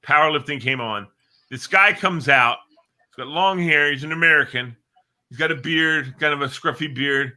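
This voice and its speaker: A middle-aged man co-hosting a casual talk show, telling stories with lively acted-out grunts. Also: fairly high pitch, moderate pace. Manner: animated storyteller, acts out grunts. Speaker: co-host. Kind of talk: casual chat.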